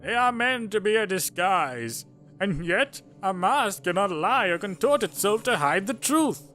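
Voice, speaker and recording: A man's voice: sits high, big pitch swings, bright, forceful tone, voice pushed up, heavily acted. A man doing a rambling old historian. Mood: musing. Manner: slow, formal and digressive. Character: courteous old male historian, rambling, wise. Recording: faint game music under voice.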